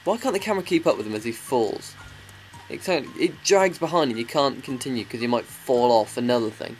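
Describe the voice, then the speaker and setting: A man's voice: medium pitch, expressive, brisk, soft background music. A man giving crude, sarcastic commentary while playing a video game. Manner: crude, sweary, sarcastic ranting. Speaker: let's play commentator.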